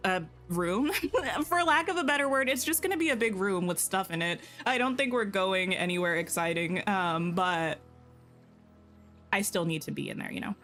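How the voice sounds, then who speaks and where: A woman streams a game and chats freely with her viewers, thinking out loud about each choice in a relaxed, playful way. Her voice sits in a middle range, and soft music plays faintly under her talk. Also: medium pitch, moderate pace. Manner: chatty, thinks aloud, playful asides. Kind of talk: casual livestream chat while playing.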